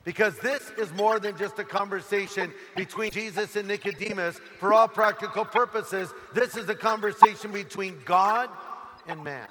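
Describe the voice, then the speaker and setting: A male pastor preaching a sermon to a stadium crowd, telling stories and now and then booming out quoted lines. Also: moderate pace, sharp tone. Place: outdoor stadium. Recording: echoey stadium sound with faint noise.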